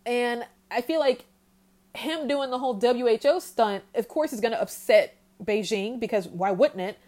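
A woman's voice: a little high, a little mellow. A woman hosting a solo podcast, talking heatedly and in exasperation about the news. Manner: heated, exasperated, talks straight without pausing. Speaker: podcast host. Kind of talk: solo commentary rant.

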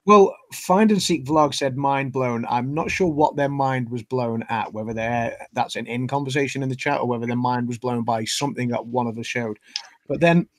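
A man's voice: mid-range voice, normal speed. A British man in his thirties on a casual live-stream chat, self-mocking, often stumbling over repeated words. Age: 30s. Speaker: regular co-host.

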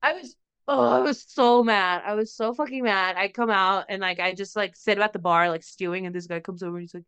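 A young woman with a bright, crisp voice, swearing freely as she tells a story on a podcast. She acts out other people's lines with lively energy. The sound is dry and close to the mic. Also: mid-range voice, brisk, no echo. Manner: animated, profane, acts out quotes of others. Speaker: podcast co-host. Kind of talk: casual storytelling chat.

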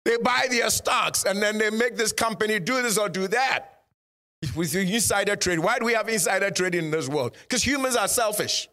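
A man with a fairly high voice preaches a lively sermon. He slips into short acted-out dialogue and then climbs to loud, emphatic urging of his listeners. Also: normal speed. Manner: rises to loud emphatic exhortation. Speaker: pastor.

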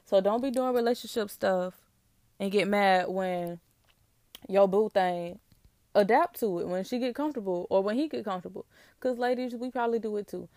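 A woman's voice: medium pitch, no room sound, clean studio sound. Sassy young woman ranting. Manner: sassy, animated, emphatic with laughs. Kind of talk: casual relationship rant to camera.

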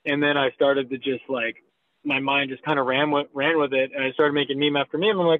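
A man's voice: fairly high pitch, fairly even intonation, fast talker. A man in his thirties telling a story in a casual, profane, laid-back way, as a guest. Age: 30s. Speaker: guest, meme creator. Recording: tinny phone line.

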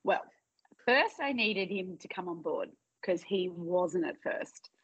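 Husky woman telling a story. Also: on the low side, lively intonation, slow, no echo, lo-fi sound. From Australia. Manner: chatty storyteller, laughs often, acts out her own past lines. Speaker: surrogate, podcast guest. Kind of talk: casual podcast chat.

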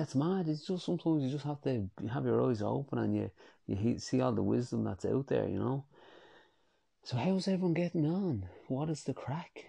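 A man's voice: medium pitch, creaky, mellow, husky, dry recording. A young Irish man hosting a solo podcast, chatting in a rambling, easygoing way and swearing freely. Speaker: podcast host. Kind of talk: casual solo podcast chat.

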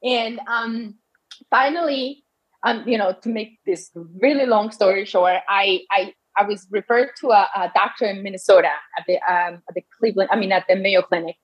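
In dull-sounding audio, a woman in her thirties with a medium-pitched voice tells her own medical story at a moderate pace. It's casual personal storytelling, full of restarts, and she quotes her doctors in her own voice.

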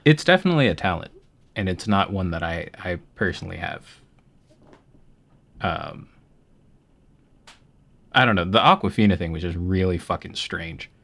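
Man, low voice, Midwestern American accent, podcast co-host, blunt casual chat, lots of swearing. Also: expressive, moderate pace, gravelly, long pauses, fairly bright tone. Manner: blunt and emphatic, heavy swearing.

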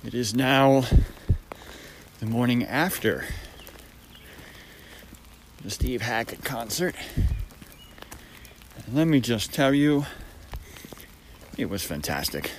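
A middle-aged man, hosting a casual solo podcast. He takes his time and chats along in a relaxed, unhurried way, tossing in wry asides and puns. A soft hiss sits under the recording. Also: medium pitch, rough recording. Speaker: podcast host.

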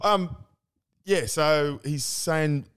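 Crude, excitable Australian podcast host. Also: male voice, fairly high pitch, drawn-out words, clear, resonant tone. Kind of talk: casual chat.

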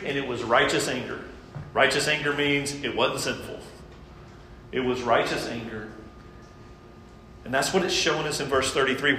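A man delivering a sermon in an earnest, emphatic voice, reading scripture aloud and explaining it. He swings between raised emphasis and hushed intensity. The recording has a long, roomy church reverb with faint noise behind him. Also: mid-range voice. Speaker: preacher. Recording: echoey hall, faint background noise.

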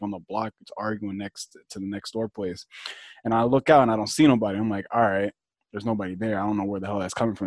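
A young man, casually telling a story on a podcast in animated, slangy talk, laughing often. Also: lowish voice, no echo. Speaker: podcast co-host.

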